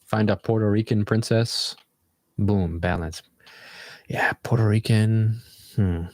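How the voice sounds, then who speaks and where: A man's voice: fairly low pitch, fairly even intonation, takes it slowly, a little mellow, no echo, studio quality. A man hosting a livestream, chatting casually in a loose, rambling, reflective way. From United States. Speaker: livestream host.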